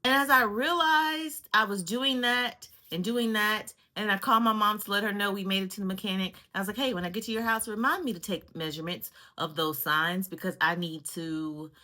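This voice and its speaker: A middle-aged woman hosting her own vlog, telling a story calmly with sighs and self-soothing asides. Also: medium pitch, a little fast, hardly any pauses. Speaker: vlog host. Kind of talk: reflective casual storytelling.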